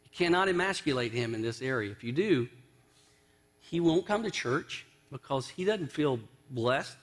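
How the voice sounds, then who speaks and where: A man's voice: mid-range voice, expressive, moderate pace. A male pastor giving a conversational sermon in a church, telling a story and acting out its quotes. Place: church sanctuary.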